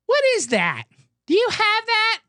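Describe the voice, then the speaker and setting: A man mimicking shrill, tipsy young women. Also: huge pitch swings, unhurried, bright, forceful tone, no room sound, studio quality, heavily acted. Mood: ditzy. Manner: shrill, repetitive questioning. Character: tipsy young women at a bar, repetitive and oblivious.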